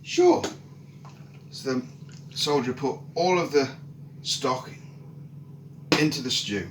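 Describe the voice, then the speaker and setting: A man telling a folk tale in a relaxed, casual way, with many "so he goes" links. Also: mid-range voice, slow pace. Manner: relaxed, repetitive "so he goes" narration. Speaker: storyteller and channel host. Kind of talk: casual spoken storytelling. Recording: roomy echo, faint ambient noise.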